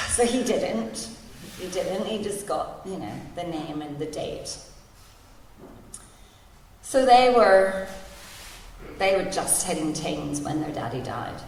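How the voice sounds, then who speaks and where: Low, slow-spoken woman in an echoey hall. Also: expressive, slight background noise. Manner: candid, wry, laughs through painful stories. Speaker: meeting speaker sharing her story. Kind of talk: personal share at a recovery meeting. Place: large hall at a convention. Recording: distant, echoey hall recording.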